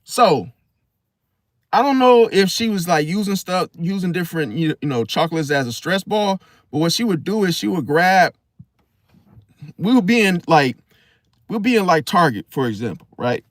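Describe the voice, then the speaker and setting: Animated, slangy man telling stories. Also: sits high, normal speed, long pauses, no echo. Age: adult, once married. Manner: slangy, rambling, animated storyteller. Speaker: astrology channel host. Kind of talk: casual storytelling monologue.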